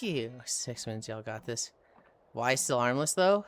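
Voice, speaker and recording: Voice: medium pitch, expressive, normal speed, soft background music. Sighing, foul-mouthed game streamer. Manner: profane, sighs often, chatty. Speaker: livestreamer. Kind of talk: casual gaming commentary.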